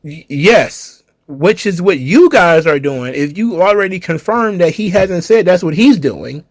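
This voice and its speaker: High-voiced man ranting sarcastically. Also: animated, measured pace, few pauses, no room sound. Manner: sarcastic, heated, swearing. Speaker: wrestling commentary channel host. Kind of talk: ranting commentary.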